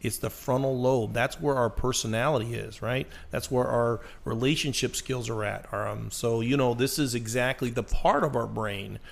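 Gravelly-voiced man podcast co-host. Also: medium pitch, moderate pace, hardly any pauses. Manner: explanatory, with fillers and asides. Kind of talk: casual podcast chat.

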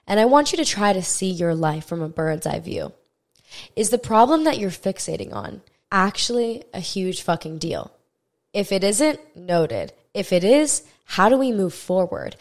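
A young adult woman hosting a self-help podcast, talking straight to the listener in a frank, swearing, coaching way. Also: medium pitch. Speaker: podcast host. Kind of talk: casual self-help monologue.

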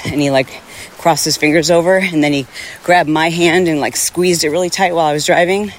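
A woman's voice: low voice, steady tone, a little fast, a little hiss or hum. Middle-aged woman, podcast host, candid and emphatic, rambling monologue, outdoors, faint background ambience. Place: outdoors on a rainy ocean sidewalk.

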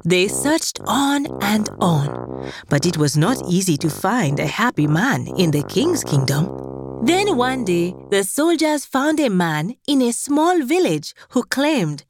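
A woman hosting and narrating folktales for young children in an animated, sing-song storybook manner. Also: medium pitch, slow pace, dry recording, clean studio sound.

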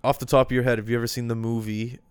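Young male podcast host, rambling storyteller, smooth and dry. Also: mid-range voice, level tone, rapid-fire, dry recording. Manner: rambling storyteller with many restarts. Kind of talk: casual chat.

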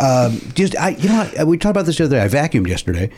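A middle-aged man hosting a relaxed podcast chat, his voice sitting fairly high for a man. He talks with a lot of swing in his pitch, mocks himself, laughs easily and leans on plenty of ums and uhs. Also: rapid-fire. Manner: self-deprecating, laughs often, many fillers. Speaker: podcast host. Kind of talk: casual chat.

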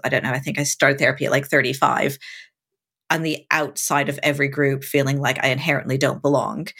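A woman in her forties, a podcast guest, telling a candid story and acting out her own past thoughts with big swings in her voice. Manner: animated, acts out her own past thoughts with big pitch leaps and swearing.

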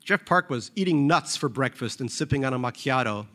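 A man's voice: medium pitch, expressive, a little fast, a bit bright. A man reading a novel aloud, with wry, conversational asides between the passages. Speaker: reader.

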